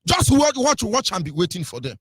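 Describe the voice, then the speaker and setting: A man's voice: high-pitched, sing-song, a little fast, husky, no echo. A man with a Nigerian accent giving impassioned, mocking political commentary on the radio. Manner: fiery, mocking, mimics voices.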